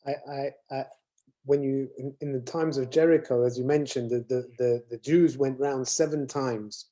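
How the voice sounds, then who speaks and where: A man's voice: medium pitch, steady tone, normal speed, warm tone. A man, a rabbi, explaining ideas earnestly in a casual conversation.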